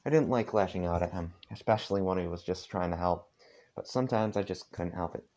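A tired man casually reading a story aloud at home, halting often with asides. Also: deep voice, a little mellow. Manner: halting, with frequent asides and filler. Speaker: fanfiction reader. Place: dark room at home.

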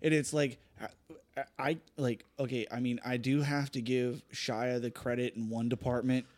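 A man's voice: medium pitch, little pitch movement, normal speed, darkish tone. A young man in casual chat, easygoing and agreeable, chiming in often.

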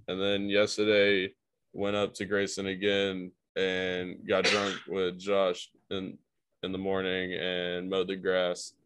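A man's voice: low-pitched, fairly bright tone, smooth, dry recording. A young man co-hosting a podcast, chatting about his week in a laid-back way with casual swearing. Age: young adult. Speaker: podcast co-host. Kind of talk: casual chat.

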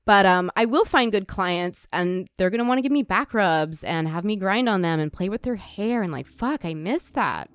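Brief: frank, heartfelt woman guest, clear resonant voice, dry close sound. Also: medium pitch, expressive, moderate pace, few pauses, dry recording. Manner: candid, emotional, gets choked up. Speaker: podcast guest, sex educator. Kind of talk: casual podcast conversation.

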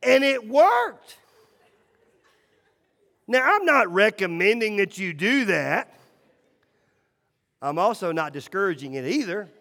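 A middle-aged man preaching a sermon, telling stories and swinging between loud and hushed lines. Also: high-pitched, big pitch swings, slow, creaky, pauses often. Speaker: pastor. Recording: echoey hall reverb.

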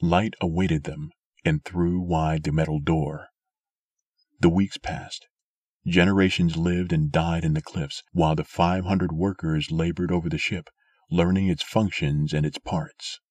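A man narrating a story aloud in a steady, measured way. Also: low voice, no echo. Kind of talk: scripted audiobook narration.

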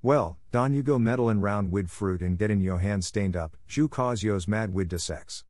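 A man's voice: on the low side, normal speed, darkish tone, no room sound, studio quality, natural voice. A man reading the part of an older woman housekeeper who speaks in a drawling, folksy dialect. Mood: fussing. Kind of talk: audiobook character reading.

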